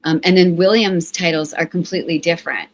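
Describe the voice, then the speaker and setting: A middle-aged woman author talking in a lively, chatty way during an interview. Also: fairly low pitch, fairly quick. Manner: lively, talkative, self-deprecating. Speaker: author guest and co-founder. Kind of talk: conversational interview.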